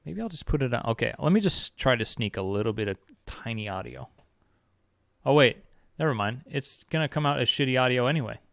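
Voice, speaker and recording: A man hosting a podcast, chatting casually with viewers in a rambling, heavily profane and excitable way. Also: medium pitch, creaky, dry recording, clean studio sound. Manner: excitable, quick exclamations. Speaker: podcast host. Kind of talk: casual live-stream chat with viewers.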